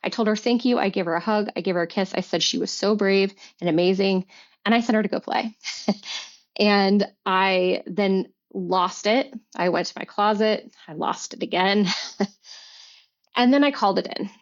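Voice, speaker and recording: A middle-aged woman, a podcast guest, telling a personal story in an earnest, halting way with many restarts and fillers. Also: mid-range voice. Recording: dull lo-fi recording.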